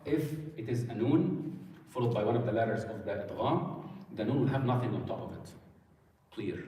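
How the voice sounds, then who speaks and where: Man teaching a recitation class, heard from far off in a big echoing hall, even mid-range pitch. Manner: patient, asks students questions. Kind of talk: classroom lesson. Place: mosque hall. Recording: echoey hall, mic far off.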